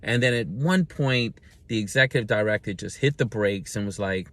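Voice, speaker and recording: Male host, unscripted solo rant; blunt, profane, sarcastic delivery with a forceful tone. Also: fairly low pitch, moderate pace, few pauses. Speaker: host of a weekly rant show.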